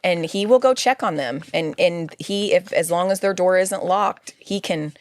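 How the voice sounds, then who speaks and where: Reflective woman host with a deep voice and a dry, close sound. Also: moderate pace, no room sound. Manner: reflective, conversational, thinks aloud. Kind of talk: casual interview chat.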